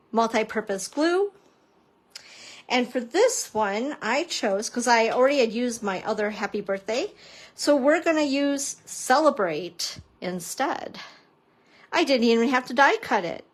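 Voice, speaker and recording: A chatty woman crafting instructor talking her way through a relaxed live-stream demo. Her voice sits a little high for a woman, and she keeps slipping in playful, goofy asides at her own expense. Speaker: papercrafting instructor.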